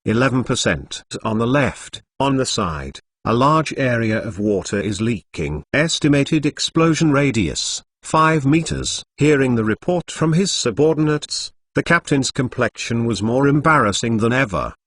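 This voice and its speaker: A man's voice: medium pitch, expressive, unhurried, few pauses, a bit bright, no echo. A machine-made male voice narrating a novel in a stilted cadence, reading punctuation marks aloud. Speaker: audiobook narrator.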